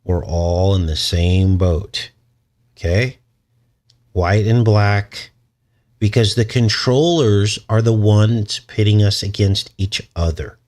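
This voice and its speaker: A man with a fairly low voice hosts a casual livestream. He rambles from point to point, chuckles often and speaks straight to viewers in the chat. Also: fairly even intonation, slow, a little mellow. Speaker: channel host.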